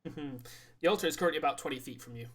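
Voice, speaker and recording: A man running a tabletop game as dungeon master, narrating in a halting way with frequent ums and restarts. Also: fairly high pitch, a bit bright.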